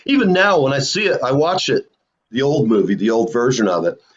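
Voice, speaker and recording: A man's voice: medium pitch, very animated, brisk, crowd noise. A man hosting a casual live show, telling rambling stories with lots of fillers. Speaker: host. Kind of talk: casual storytelling chat. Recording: lo-fi dull sound.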